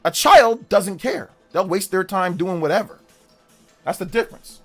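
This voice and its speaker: Brief: high-pitched middle-aged male streamer, combative and mocking toward chat, faint music underneath. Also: expressive, moderate pace.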